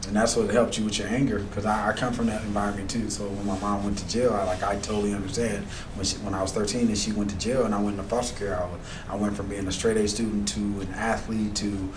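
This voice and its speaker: A man's voice: on the low side, little pitch movement, quick pace, hardly any pauses. A man hosting a talk show interview, chatting casually and relating his own experiences. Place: radio studio. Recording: distant mic with noticeable background noise.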